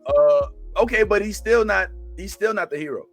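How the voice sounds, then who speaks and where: A man co-hosting a live chat, animated, rambling with restarts and acting out quotes. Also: high voice, moderate pace, soft background music. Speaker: podcast co-host.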